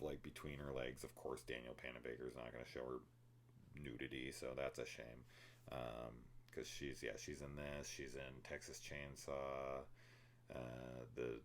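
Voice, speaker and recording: A man's voice: rumbling low, a little hiss or hum. A man hosting a horror film review show, talking casually and opinionatedly with plenty of swearing and rambling asides. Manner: laughs and mimics characters while telling the plot. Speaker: film review podcast host. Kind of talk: casual spoiler discussion.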